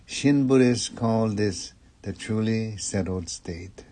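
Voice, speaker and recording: A man giving a Dharma talk as a Buddhist minister, measured and calm. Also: on the low side. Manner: slow, measured and calm delivery.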